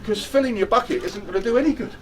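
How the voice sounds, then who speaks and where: A man leads a workshop in a lively, jokey way, with a slightly high voice that swings up and down. He keeps asking his audience questions. He is recorded from a distance, with faint noise in the room. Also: rapid-fire. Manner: animated, jokey, chatty, asks the audience questions. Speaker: workshop trainer on stress management. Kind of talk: lively interactive workshop talk.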